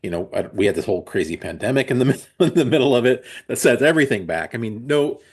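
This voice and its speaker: A man's voice: mid-range voice, animated, fast, slightly rough. A man in his forties, a comics creator, talking casually and rambling through restarts as an interview guest. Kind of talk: casual conversation.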